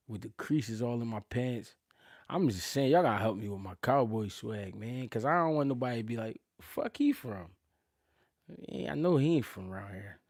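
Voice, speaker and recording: Brief: Philly-male host, gravelly low-key voice, slangy live-stream banter, dry close mic. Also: no room sound. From Philadelphia. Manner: slangy, laughing, swings from loud to mumbled. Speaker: boxing channel host. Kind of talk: casual live-stream chat.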